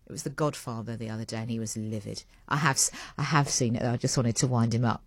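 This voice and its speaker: Low-voiced rambling radio host woman. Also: very animated, brisk, dry recording, studio quality. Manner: rambling, self-mocking, digressive. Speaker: radio breakfast show host. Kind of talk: chatty radio banter.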